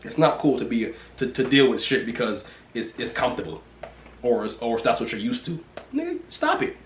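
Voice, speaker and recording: A man's voice: steady tone, fairly quick, slight background noise. Man ranting bluntly in a roomy space. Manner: blunt, repetitive, swings from loud exclamations to low mutters. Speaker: vlogger. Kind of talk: casual rant to camera.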